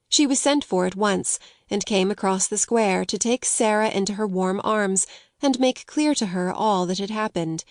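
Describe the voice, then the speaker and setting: A woman narrating an audiobook of a classic novel in a measured, clear storytelling manner. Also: mid-range voice, no room sound, clean studio sound. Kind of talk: scripted narration.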